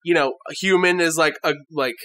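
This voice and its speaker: A man's voice: a little high, fairly quick, crowd noise. A man co-hosting a podcast in casual, profane, jokey chat. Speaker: podcast co-host.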